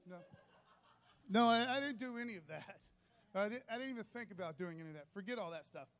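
A man preaching a sermon in a casual storytelling way, often saying "man" and swinging between soft and loud. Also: high-pitched, fast. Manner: casual storytelling, says "man" often, animated shifts in loudness.

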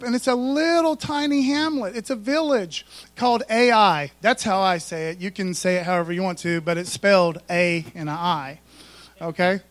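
High-voiced folksy preacher man. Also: a bit bright, dry recording. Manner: folksy, conversational preaching with frequent asides. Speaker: pastor. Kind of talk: sermon.

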